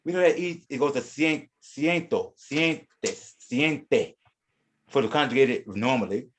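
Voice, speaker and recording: A man's voice: medium pitch, measured pace, a little hiss or hum. A man teaching a Spanish class, explaining verb forms and often repeating and restarting his words. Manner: reads out verb conjugations one by one. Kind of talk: classroom lesson.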